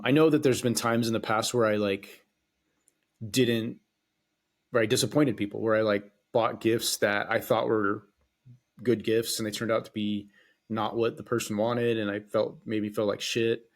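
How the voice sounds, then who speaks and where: A man hosting a solo podcast, talking in a casual, rambling way, swearing freely and hesitating often. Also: on the low side. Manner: rambling and profane, with frequent hesitations. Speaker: podcast host.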